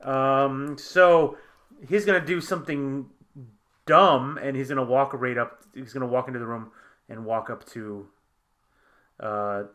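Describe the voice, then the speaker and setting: A man's voice: medium pitch, fairly even intonation, measured pace, a bit bright. A man plays in a casual tabletop game session. He jokes along and often hesitates, trailing off into fillers and restarts as he works out his turn. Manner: hesitant, joking, many fillers. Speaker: player.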